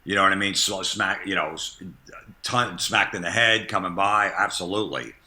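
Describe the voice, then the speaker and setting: A man's voice: low voice, normal speed, bright, forceful tone. A man in his fifties, a comedian guest, telling blunt stories in casual podcast chat and laughing at himself.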